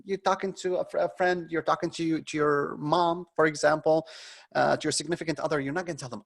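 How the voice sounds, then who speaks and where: Gravelly and on the high side, this middle-aged man's voice holds a steady tone and moves a little fast. Leading a live webinar as a marketing consultant, he critiques candidly in a chatty way, often saying um and restarting.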